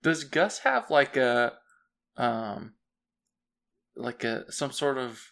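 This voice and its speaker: Man, gravelly voice, hesitant, lots of fillers, tabletop player. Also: medium pitch, very animated, slow, fairly bright tone. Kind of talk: casual tabletop play.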